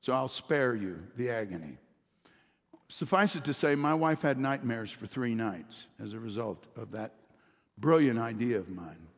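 A man's voice: mid-range voice, lively intonation, normal speed. Man preaching to his church, calls for the crowd to answer back, voice echoing round a big hall. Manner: call-and-response preaching, rising emphatic delivery. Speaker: pastor. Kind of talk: sermon. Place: church sanctuary. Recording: long reverb of a church hall.

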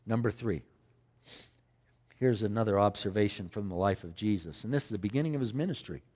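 A man's voice: on the low side, a little fast, darkish tone. A man preaching a sermon, acting out scripture dialogue with dramatic repetition. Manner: dramatic, acts out scripture dialogue, repeats phrases. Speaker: pastor. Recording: long hall reverb.

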